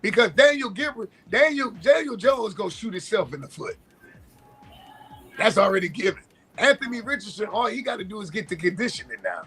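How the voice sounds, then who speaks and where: A man's voice: sits high, animated, a bit bright, husky, faint music behind. A man co-hosting a sports talk show, arguing his points and thinking aloud as he goes. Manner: argumentative, pauses to think aloud. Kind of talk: casual sports chat.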